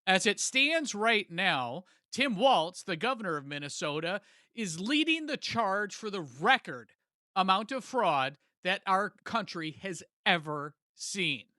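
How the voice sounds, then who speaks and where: A man's voice: high voice, sing-song, a little slow, bright, forceful tone, no room sound, clean studio sound. A man hosting political commentary, talking emphatically and with indignation.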